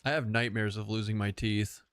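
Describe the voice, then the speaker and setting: A man's voice: fairly low pitch, steady tone, brisk, fairly bright tone, clean tone, no echo. A man hosting a game stream, chatting casually and laughing often. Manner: laid-back, joking, laughs often. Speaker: streamer host.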